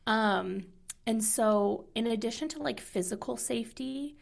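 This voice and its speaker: A woman's voice: fairly high pitch, a little slow, vocal fry. A woman in candid conversation, talking earnestly and emotionally, sometimes dropping to a whisper.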